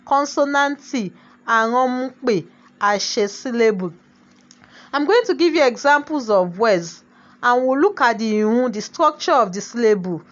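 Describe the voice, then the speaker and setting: Switching between Yoruba and English, a woman teaches a language lesson and keeps asking "what?" to coax answers from her class. Her slightly high voice is expressive and moves at a normal speed. The recording is muffled, dull and lo-fi.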